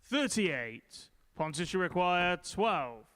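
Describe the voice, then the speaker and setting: A man's voice: sits high, big pitch swings, takes it slowly, fairly bright tone, clear, resonant tone. A man working as darts referee, calling scores in a ringing, rising call.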